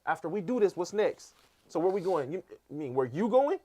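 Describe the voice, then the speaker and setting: A man with a high voice joins a casual after-show discussion. He backs up his co-host with quick agreements and retells scenes by quoting the characters. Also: big pitch swings, a little mellow.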